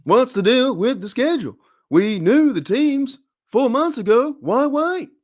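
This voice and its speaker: A man's voice: very high voice, animated, a little slow, pitched above the performer's own voice. A man with an Australian accent doing an impression of a whiny male stand-up comic, firing off indignant rhetorical questions. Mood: ranting.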